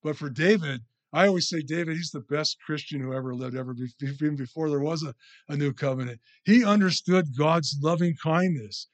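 A man delivers a sermon in a loose, conversational way, speaking a touch higher than most men. He keeps checking in with his listeners with little asides and quick questions as he teaches. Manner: chatty, with frequent "you know" and "right?" check-ins. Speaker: preacher.

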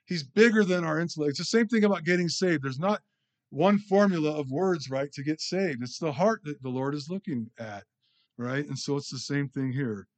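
A man preaching in a loose, conversational way. His voice sits a little high for a man. He stumbles, restarts words and talks to the congregation as if chatting with friends. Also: moderate pace. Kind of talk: informal sermon.

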